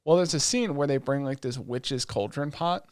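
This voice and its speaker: A man's voice: mid-range voice, moderate pace, smooth, dry recording, studio quality. Loose, profane man recapping anime. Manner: loose, profane retelling with lots of fillers; animated storytelling that acts out quoted lines. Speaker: podcast co-host. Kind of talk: casual chat.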